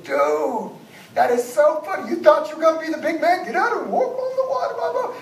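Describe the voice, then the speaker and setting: A man's voice: extremely high pitch, lively intonation, a little fast, gravelly, slight background noise, pitched above the performer's own voice, full character voice. A man voicing teasing young male disciples who jeer at a friend. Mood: mocking. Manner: jeering, laughing. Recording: echoey room heard from a distance.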